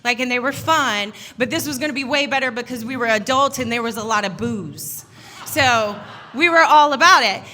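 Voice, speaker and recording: Bright high-voiced woman telling a toast story. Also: moderate pace, slight background noise. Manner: animated, laughing, acts out quoted voices. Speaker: sister of the groom giving a wedding toast. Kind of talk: humorous storytelling speech. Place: wedding reception.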